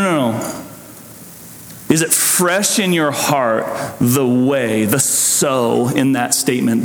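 A man preaching a sermon as pastor, conversational and animated, often restarting and throwing in asides. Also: mid-range voice. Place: church sanctuary. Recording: echoey hall.

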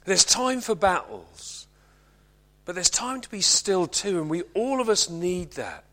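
A high-voiced man gives a Christmas sermon to his congregation. His delivery is earnest, and he often slows and drops to a hush to press a point home. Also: very animated. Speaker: preacher.

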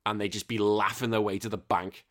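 Male podcast host, bright voice, excitable, rambling, swears a lot. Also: fairly low pitch, fairly quick. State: recovering from illness. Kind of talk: casual chat.

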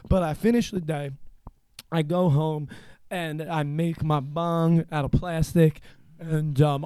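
A man's voice: fairly high pitch, warm tone, clear, resonant tone, dry recording. A young man hosting a podcast, telling a long profane story in casual chat. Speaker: podcast host.

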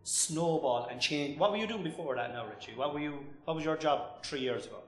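A man's voice: a little high, a little fast, reverberant. An Irish man hosting a podcast, asking questions in a casual, enthusiastic way and swearing freely. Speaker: podcast host. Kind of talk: casual interview.

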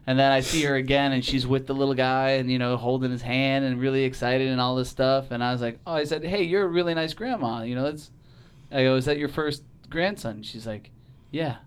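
A man's voice: medium pitch, little pitch movement, a little fast, clear, resonant tone. A man telling a story on a podcast in casual, profane talk, acting out the voices of the people in it. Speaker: podcast guest.

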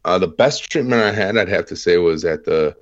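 A man's voice: sits low, a little fast, muffled recording. A man in his thirties, a veteran guest on an interview podcast, telling his story plainly in a casual, self-deprecating way. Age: 30s.

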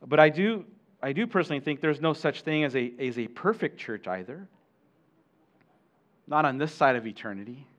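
A man's voice: on the high side, expressive, moderate pace, pauses often, muffled recording. A man preaching a sermon as pastor, talking conversationally with asides to the congregation and frequent restarts.

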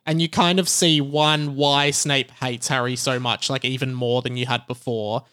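A man's voice: mid-range voice, fairly even intonation, moderate pace, a bit bright. A man, a podcast guest, speaking earnestly in casual chat and stumbling on words now and then.

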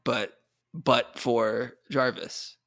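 A man's voice: medium pitch, extremely slow, creaky, a bit bright. A young adult man co-hosting a podcast, joking wryly and often correcting himself mid-sentence. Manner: joking, self-correcting, wry. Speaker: podcast co-host. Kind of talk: casual podcast chat.

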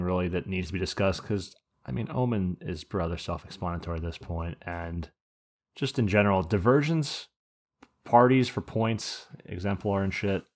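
A man co-hosting a casual gaming podcast, rambling and swearing as he talks through game strategy. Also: sits low. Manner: rambling, profane, joking. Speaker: podcast co-host.

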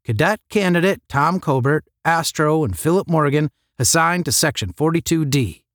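A man's voice: fairly high pitch, animated, moderate pace, no echo, studio quality, voice pushed up, natural voice. A man reading a stern senior cadet in a space-academy story, snapping clipped orders.

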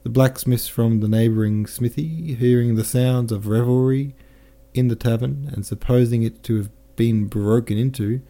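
A man reading a classic novel aloud as a podcast narrator, measured and careful, now and then correcting himself. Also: mid-range voice, steady tone, warm tone. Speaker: audiobook narrator.

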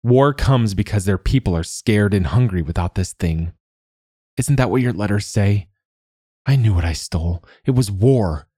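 A man's voice: lowish voice, animated, moderate pace, warm tone, husky, no echo, clean studio sound, voice pushed up. Man voicing a curt, weary warrior woman. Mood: bitter. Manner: curt, commanding.

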